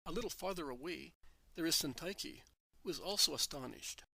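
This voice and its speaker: A man narrating a devotional text in an earnest, measured manner. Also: on the high side, expressive, gravelly, sharp tone, husky, dry recording. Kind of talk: scripted devotional reading.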